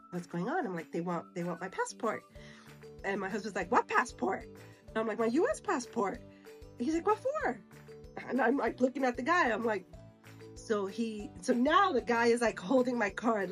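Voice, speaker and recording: A middle-aged woman from the United States recounts a travel mishap in a lively, chatty vlog voice, playing every part of the exchange herself. Her pitch sits in a middling range, and faint music plays underneath. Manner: animated, acts out dialogue, mixes Spanish phrases. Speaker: vlogger. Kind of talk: casual storytelling to camera.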